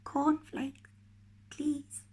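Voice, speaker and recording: A woman voicing a timid, shy little man who speaks only in a soft, breathy whisper, in a storybook reading. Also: a little high, animated, brisk, pitched above the performer's own voice, exaggerated voice.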